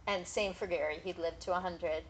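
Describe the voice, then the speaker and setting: A woman's voice: fairly low pitch, steady tone, a little fast, slight background noise, poor audio. A woman in casual podcast chat, talking frankly and thinking aloud, swearing often.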